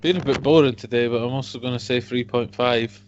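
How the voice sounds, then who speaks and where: Man, co-host, laid-back, casual chat, middle pitch, muffled lo-fi audio. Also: fairly even intonation, brisk, slight background noise. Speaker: podcast co-host.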